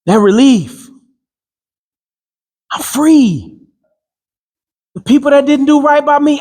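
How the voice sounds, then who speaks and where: A man's voice: very high-pitched, lively intonation, takes it slowly, pauses often, darkish tone, long reverb tail. A man giving a motivational talk to a live group with call-and-response. He speaks emphatically in casual slang and repeats his phrases. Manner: slang-heavy casual speech.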